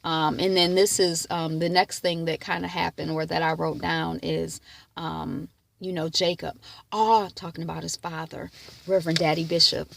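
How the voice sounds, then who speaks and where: A woman's voice: low voice, little pitch movement, moderate pace, creaky, slight background noise. A woman chatting casually through a TV episode recap from home, rambling with lots of fillers and now and then acting out the characters' lines. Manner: acts out characters' lines in quotes. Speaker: TV recap vlogger.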